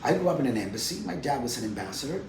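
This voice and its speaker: A man telling an animated anecdote as an interview guest, acting out other people's lines. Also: medium pitch, very fast, creaky, a loud crowd. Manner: lively storyteller who acts out other people's lines, with frequent fillers. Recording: roomy sound from a distant mic.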